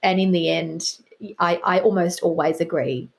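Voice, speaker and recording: A woman's voice: lowish voice, normal speed, gravelly. A middle-aged woman, a guest author, chatting in an interview with a wry, self-deprecating humor. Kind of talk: casual interview chat.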